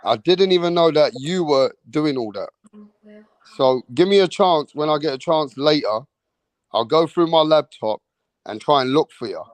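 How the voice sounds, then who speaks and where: A man's voice: a little high, lively intonation, normal speed, no echo. A man, hosting a live online show, ranting in an exasperated, profane way and repeating "bro" and "man". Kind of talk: heated live-stream rant.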